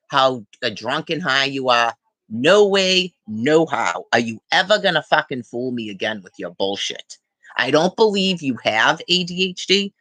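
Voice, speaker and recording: A woman's voice: very deep voice, pushed and bright, no echo. A woman on a live stream, ranting angrily and swearing hard, tagging her accusations with "okay?". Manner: angry, profane, accusing; repeats "okay?" as a tag.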